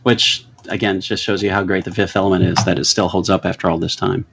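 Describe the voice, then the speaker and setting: A man's voice: sits low, little pitch movement, quick pace, vocal fry, noisy background. A middle-aged man co-hosting a podcast, chatting casually and earnestly about old films and laughing easily. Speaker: podcast co-host. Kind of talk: casual chat about movies.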